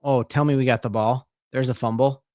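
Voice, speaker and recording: A man hosting a live play-by-play watch-along as a sports fan, excitable and breaking into shouted exclamations, rambling and restarting his sentences. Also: medium pitch, a little fast, dry recording, clean studio sound. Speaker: sports fan stream host.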